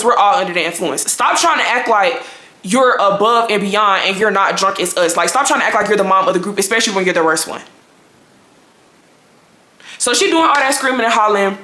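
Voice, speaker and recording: A woman in her twenties telling a storytime to her viewers in a lively, fussing way. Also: a little high. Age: 20s. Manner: animated, fussing, talks straight to viewers. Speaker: vlogger. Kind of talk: casual storytime. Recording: echoey room.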